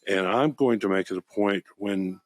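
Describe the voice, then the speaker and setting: A man with a somewhat low voice chats casually on a podcast about wine. He rambles happily from one story to the next, clearly excited by the subject. The recording is close and dry, with no room sound. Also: normal speed, no echo. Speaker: wine shop podcast host. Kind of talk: casual chat.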